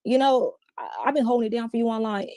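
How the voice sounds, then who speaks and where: A woman's voice: fairly high pitch, fairly even intonation, quick pace, mellow, dry recording, studio quality. A woman as an interview guest, giving a candid, emphatic personal account in slangy everyday speech.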